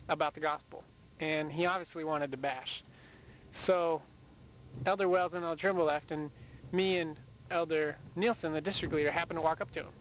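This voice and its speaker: A man's voice: fairly high pitch, a bit bright. A young man missionary recording a rambling, casual audio letter, telling a story with lots of fillers. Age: young adult. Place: in a moving car. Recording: noisy car recording.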